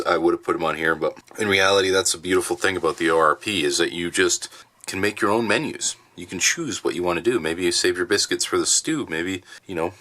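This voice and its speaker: A man casually reviewing military rations in his basement, chatty and relaxed with plenty of fillers. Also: deep voice. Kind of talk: casual food review vlog. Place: home basement.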